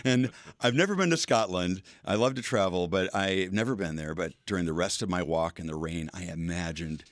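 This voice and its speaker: A man's voice: deep voice, fairly quick, dry recording, clean studio sound. An older man hosting a radio segment, telling a casual, chatty story with curious asides and frequent laughs. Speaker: radio feature host.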